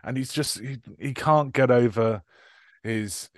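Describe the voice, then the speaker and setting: A man's voice: medium pitch, a little slow, no room sound, clean studio sound. A man hosting a podcast, recapping a movie in casual chat, laughing often and hedging with fillers. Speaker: podcast host.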